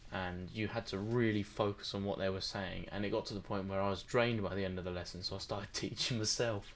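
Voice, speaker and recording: Rambling, joking man, low voice. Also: fairly even intonation, brisk. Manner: rambling, joking, laughs often. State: tired. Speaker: podcast co-host. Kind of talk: casual late-night chat.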